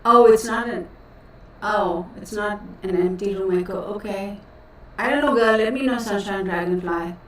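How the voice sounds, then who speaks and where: A woman's voice: medium pitch, moderate pace. A chatty woman runs a casual live stream and rambles to her viewers, calling them y'all. Her voice bounces around a heavily echoing room and sits well back from the microphone. A faint hiss runs underneath. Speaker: tarot reader hosting a live stream. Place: cluttered home room she works from. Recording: echoey room, voice distant from mic, faint noise.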